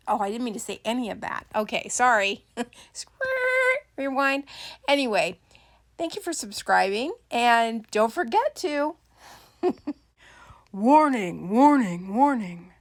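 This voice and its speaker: A woman's voice: on the high side, a bit bright, clear, resonant tone. A middle-aged woman chatting casually to camera about her doll collection. She rambles and makes joking, self-deprecating asides. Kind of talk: casual unboxing chat to camera.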